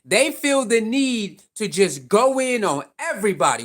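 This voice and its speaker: This is a sports commentator talking straight to camera in a casual, opinionated vlog. The voice sits at a middling pitch and keeps circling back with rhetorical questions and repeated points. The speech is loose and slangy throughout. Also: big pitch swings, a little slow.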